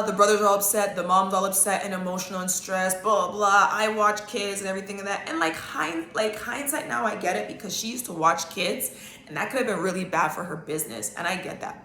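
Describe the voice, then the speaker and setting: A woman's voice: medium pitch, brisk, sharp tone, slight background noise. Candid woman podcaster in a roomy space. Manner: candid, rambling, emphatic with repeated "okay?". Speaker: podcast host. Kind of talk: casual storytelling monologue. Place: at home.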